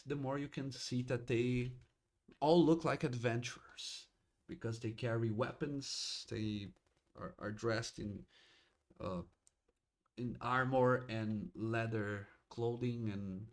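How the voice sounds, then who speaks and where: Slow, halting man running a tabletop game. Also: mid-range voice. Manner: halting, many restarts and fillers. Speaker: game master.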